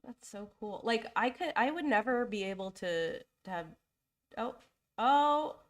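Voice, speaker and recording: A woman's voice: mid-range voice, lively intonation, moderate pace. A young woman, getting over a cold, hosting a live design stream in a casual, chatty way and thinking aloud with fillers and self-corrections. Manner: openly emotional and apologetic.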